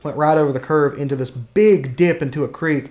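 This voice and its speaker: A young man co-hosting a casual podcast chat, telling stories with loud, animated quoted voices. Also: a little high, a little fast. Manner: animated storyteller, acts out quotes loudly. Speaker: podcast co-host.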